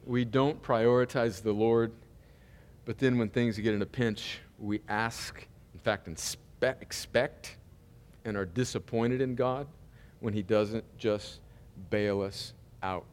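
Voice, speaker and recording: A pastor preaching a sermon in a loose, conversational style, full of humor and asides. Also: male voice, lowish voice, fairly even intonation, takes it slowly, a little mellow, long reverb tail.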